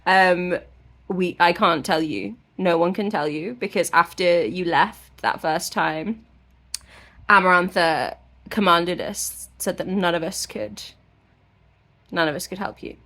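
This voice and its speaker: A cocky, teasing male fae lord, flippant and full of slang, as a woman puts him on. The voice sits a little low and speaks. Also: unhurried, a bit bright. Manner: flippant, casual modern slang.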